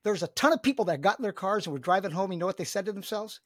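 A man's voice: high-pitched, lively intonation, very fast, breathy edge, no room sound, studio quality. A middle-aged man, a business coach talking as a podcast guest, enthusiastic and emphatic, often repeating his words. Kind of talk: energetic podcast conversation.

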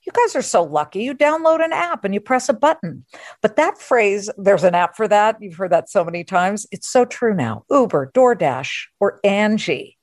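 A woman hosting a podcast interview, chatty and playful with quick asides. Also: medium pitch, expressive, no room sound, studio quality. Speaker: podcast host. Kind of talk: casual interview chat.

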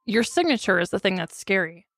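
A woman's voice: mid-range voice, very animated, a little fast, fairly bright tone, no room sound, soft background music. A young woman co-hosting a podcast in casual chat, playful and giggly. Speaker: podcast co-host.

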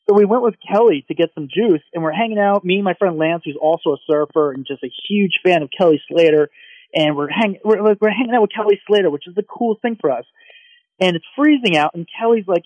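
A man co-hosting a podcast, gushing and excitable as he tells a story in casual chat. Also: sits high, dry recording, narrow, tinny audio. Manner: excitable, gushing, quick anecdotes. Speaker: podcast co-host.

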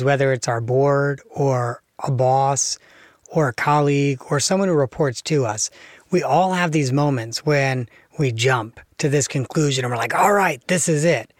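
A male podcast host with a mid-range voice talks conversationally and sometimes cuts in with quick, apologetic asides. His voice sounds dry and close, with no room echo. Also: mid-range voice. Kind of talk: podcast interview.

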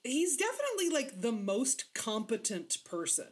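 A woman co-hosting a casual movie podcast, playful and expressive, acting out lines as she talks. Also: fairly high pitch, moderate pace. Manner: expressive, playful, acts out quotes. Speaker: podcast co-host.

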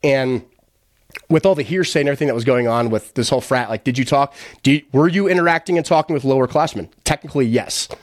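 A man's voice: mid-range voice, fast talker, no room sound, studio quality. A man from the United States, a podcast guest, telling his story bluntly with swearing and quoting the people involved. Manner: retells events by quoting others. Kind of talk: casual storytelling interview.

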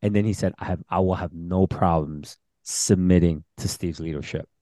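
A man's voice: sits low, normal speed, no echo, clean studio sound. A man hosting a podcast interview, telling a story casually and acting out the voices he quotes. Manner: animated, acts out quoted voices. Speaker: senior pastor and podcast host.

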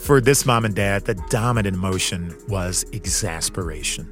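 A man hosting a podcast, giving measured, earnest scripted narration. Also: low voice, a bit bright, faint music behind. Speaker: podcast host.

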